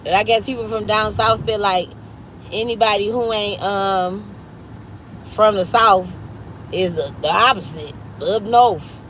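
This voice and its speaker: A Cleveland-born livestream host in the US Midwest talks from home in a mid-range voice that's fairly bright and a little slow. Cheerful and chatty, she urges her audience to subscribe to her friends' channels. The low-quality recording has a slight hiss or hum.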